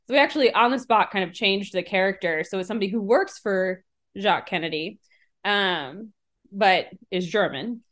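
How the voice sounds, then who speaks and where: A woman's voice: medium pitch, expressive, normal speed, a bit bright. A woman voice actor casually rambling through a behind-the-scenes story about writing a sketch. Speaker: voice actor and writer.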